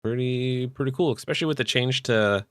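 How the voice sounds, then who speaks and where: A man co-hosting a podcast, chatting casually about tabletop game rules with relaxed fillers. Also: medium pitch, fairly quick, clear, resonant tone, dry recording, clean studio sound. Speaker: podcast co-host.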